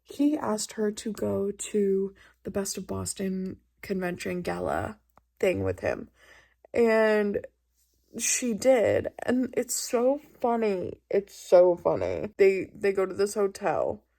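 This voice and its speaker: A young woman excitedly recapping a book she is reading, gushing and saying "like" a lot. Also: medium pitch, takes it slowly, creaky. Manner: gushing, excitable, heavy use of "like". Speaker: book vlogger. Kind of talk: casual reading vlog recap.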